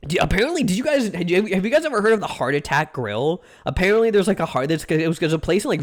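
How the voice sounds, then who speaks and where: A young man streaming, reacting to food with casual, mock-outraged rants and plenty of swearing. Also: a little high.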